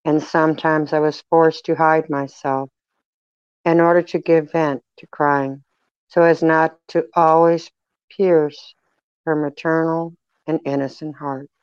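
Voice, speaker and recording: A tender, grieving Jesus, as a reader puts him on, speaking slowly in a flat, even line. The voice is smooth and plain, set in a dry, slightly dull recording. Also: medium pitch, no echo, close to an everyday voice. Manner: measured, even delivery. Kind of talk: devotional reading aloud.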